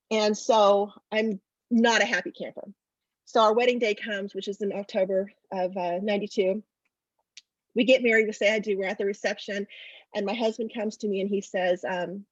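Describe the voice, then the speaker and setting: A woman's voice: a little fast, dry recording. Woman, middle-aged, author guest, chatty storyteller, dry dull video-call sound. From Oklahoma. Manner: animated storyteller, acts out dialogue with big pitch jumps. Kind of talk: casual interview storytelling.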